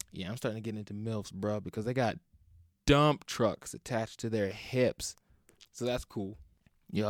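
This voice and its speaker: A man's voice: medium pitch, dry recording, studio quality. Rambling young man ranting. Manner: rambling and profane, full of "like" and "man". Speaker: podcast host. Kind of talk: solo podcast rant.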